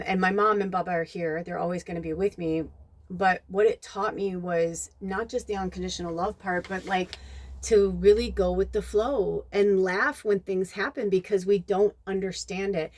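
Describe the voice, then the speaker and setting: A woman hosting a podcast, talking in a rambling casual monologue full of "like" and "you know", turning animated when she retells scenes. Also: mid-range voice. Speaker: podcast host.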